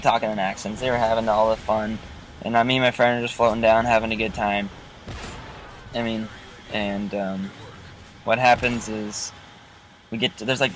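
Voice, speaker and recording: A man vlogging from inside his car, telling a story in a casual, rambling, joking way, with car noise in the background. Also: lowish voice. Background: passing car noise.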